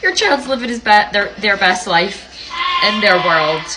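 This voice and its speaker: A woman's voice: mid-range voice, animated, a little slow, heavy background noise. A young woman talking candidly to camera as a parent, frank and swearing freely, often checking in with "right?". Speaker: parent vlogger. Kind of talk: candid emotional vlog to camera. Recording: music playing behind the voice.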